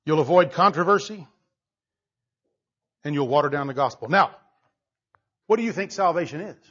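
Man, high voice, preaching, sermon, quiet to shouting, laughs, muffled lo-fi sound. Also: animated, moderate pace, slightly rough. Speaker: pastor.

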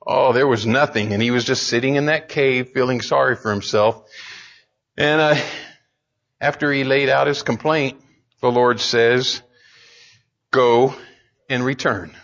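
Male preacher, animated and conversational, repeats for emphasis; bright voice, dull recording. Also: mid-range voice, moderate pace. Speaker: pastor. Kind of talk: sermon.

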